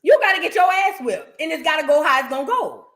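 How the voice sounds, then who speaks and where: A woman hosting a reaction show, giving blunt, profane, animated commentary in a casual way. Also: high-pitched, fast.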